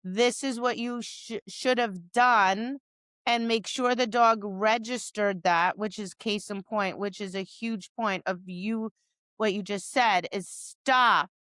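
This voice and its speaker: A woman who trains dogs co-hosts a podcast, speaking slowly at medium pitch with a slightly bright, clean tone and no echo. Casual and animated, she plays her dog's responses aloud and exasperatedly scolds owners.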